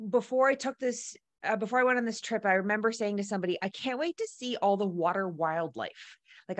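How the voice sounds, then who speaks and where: A woman telling a personal travel story in a casual, animated way, laughing often and acting out the dialogue. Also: mid-range voice, no echo.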